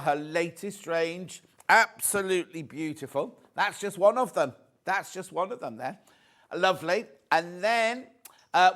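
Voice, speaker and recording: Chatty guy on a shopping channel, reads out viewer messages, a bit high for a man. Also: fairly bright tone. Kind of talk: live sales presenting.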